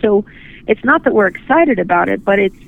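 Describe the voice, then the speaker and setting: A woman guest, a photographer, speaking earnestly and gently in a phone interview, often restarting her sentences. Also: medium pitch, expressive, brisk, gravelly. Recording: tinny phone line.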